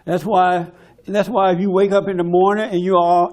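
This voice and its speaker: A man giving a forceful, preachy testimony talk at a men's conference. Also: sits high, flat delivery, moderate pace, gravelly, hardly any pauses. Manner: preachy, forceful, mimics others in quoted bits.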